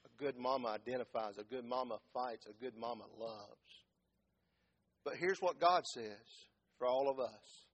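A man preaching a sermon as pastor, swinging from loud impassioned calls down to low quiet words. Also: moderate pace, muffled recording. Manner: impassioned, rising to shouts and dropping low.

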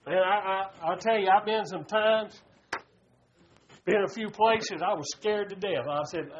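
A man's voice: high-pitched, measured pace, a little hiss or hum. A man, preaching a folksy sermon and calling his listeners "buddy.". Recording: dull lo-fi recording.

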